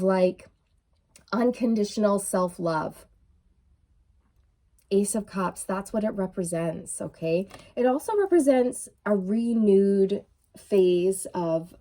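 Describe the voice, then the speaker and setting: A woman giving a casual, excitable tarot reading to her viewers, full of fillers and restarts, with a frog in her throat. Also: mid-range voice. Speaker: tarot reader. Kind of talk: intuitive tarot reading to camera.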